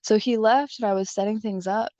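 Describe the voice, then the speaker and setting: A woman's voice: mid-range voice, fairly even intonation, fairly quick, warm tone, no echo, highs cut off. A young adult woman co-hosting a podcast, telling a personal story in a casual, chatty way and leaning heavily on the filler "like". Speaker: podcast co-host.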